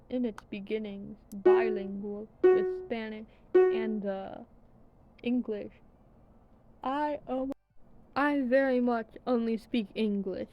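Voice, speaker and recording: A young woman rambling casually in a vlog, tired and yawning, swearing now and then. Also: a little high. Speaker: vlogger. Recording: dull lo-fi sound with faint background noise.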